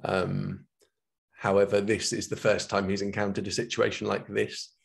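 Male guest writer, low and gravelly, hesitant and thinking aloud. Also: level tone, normal speed. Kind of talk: casual conversation.

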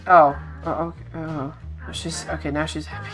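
A woman's voice: sits low, moderate pace, faint music behind. Chatty woman coaxing her game characters. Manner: chatty, coaxes and scolds game characters, sudden excited exclamations. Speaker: gaming channel host. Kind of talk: casual let's-play commentary.

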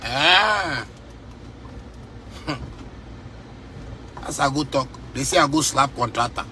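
A Ghanaian man, a musician vlogger, speaks in Ghanaian Pidgin English while ranting casually to camera inside a car, his street talk fiery and repetitive. His medium-pitched voice is expressive and sharp, and he takes his time, over a slight hiss or hum.

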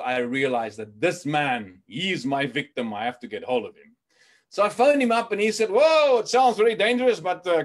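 A South African man giving a motivational keynote, telling a story and acting out the dialogue and stutters for laughs. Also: fairly high pitch. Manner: animated, acts out dialogue and stutters for comic effect. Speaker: motivational speaker.

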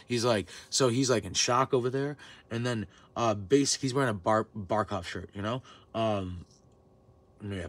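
A man in his twenties telling a heated, profane story in a vlog rant. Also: fairly low pitch. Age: 20s. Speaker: vlogger. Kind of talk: ranting storytime.

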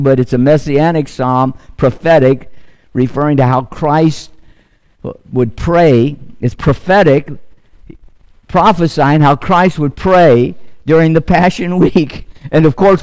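A man's voice: mid-range voice, darkish tone. A man pastor preaching a sermon, repeating key phrases and building emphasis as he exhorts the congregation. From United States.

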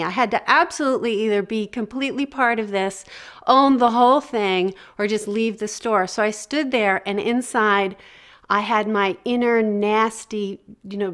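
Middle-aged woman, storytelling talk, conversational, animated, halting restarts, middle pitch. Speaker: speaker giving a talk.

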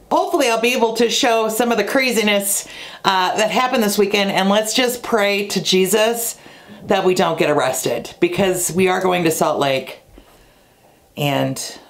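A middle-aged woman vlogger chatting to camera in a casual, self-mocking way, her voice often trailing off low at the ends of phrases.

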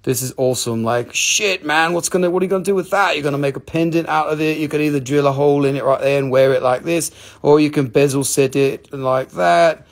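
A man hosting a live gem sale, talking casually and excitedly and swearing freely. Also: on the high side, fairly quick, hardly any pauses. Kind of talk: live sales stream.

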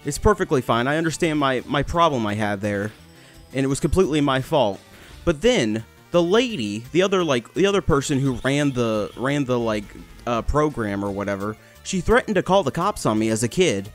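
A man's voice: medium pitch, sing-song, normal speed, faint music behind. A young man commentating his gameplay, telling a story in a rambling, swearing way with many restarts. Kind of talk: casual storytelling over gameplay.

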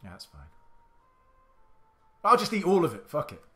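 A man's voice: fairly high pitch, wildly swooping pitch, moderate pace, fairly bright tone, soft background music. A man giving indecisive let's-play commentary, muttering to himself and swearing now and then. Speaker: gaming channel host.

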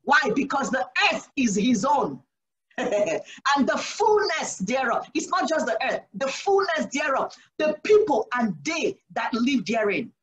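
A woman's voice: high-pitched, very animated, unhurried, rough recording. Earnest woman teaching Bible study. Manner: asks rhetorical questions and answers them herself; earnest, exhorting, sprinkles in "Praise the Lord".

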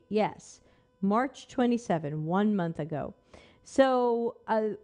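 A woman's voice: a little high, darkish tone. Sarcastic woman picking apart an article. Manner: skeptical, sarcastic, talks back to the text. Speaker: host. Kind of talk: live-stream commentary reading an article aloud.

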